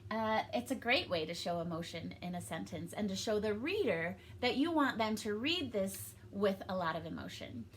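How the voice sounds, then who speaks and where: A woman's voice: mid-range voice, normal speed, few pauses, a little hiss or hum. A young adult woman teaching a recorded reading lesson to young pupils, upbeat and encouraging. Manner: upbeat, encouraging, sing-song with excited peaks. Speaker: elementary school teacher.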